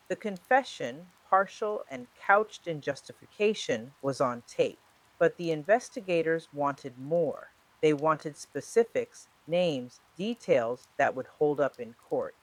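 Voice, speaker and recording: A narrator reading a scripted true-crime story in a steady, dramatic storytelling manner. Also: mid-range voice, takes it slowly, low-quality recording.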